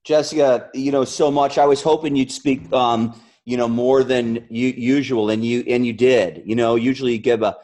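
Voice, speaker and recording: A man's voice: mid-range voice, steady tone, normal speed, few pauses, a little mellow. A man co-hosting a team call, speaking appreciatively with hesitant fillers.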